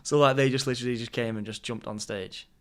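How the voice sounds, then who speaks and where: A man's voice: medium pitch, fairly even intonation, quick pace, clean tone. A male podcast host asking short questions and reacting with laughs. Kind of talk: interview questions.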